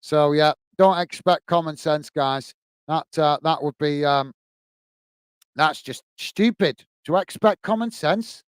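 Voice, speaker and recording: A man takes it slowly in a slightly high, clear and resonant voice, recorded dry. Streaming a live football watch-along, he rants passionately and chats to viewers as mate between pieces of match commentary.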